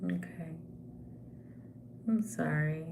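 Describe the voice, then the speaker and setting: A woman, chatting slowly and sympathetically with viewers on a live stream recorded on her phone. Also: low-pitched, creaky, noisy background. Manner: slow, relaxed, sympathetic, greets viewers by name. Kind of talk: casual live-stream chat reading comments.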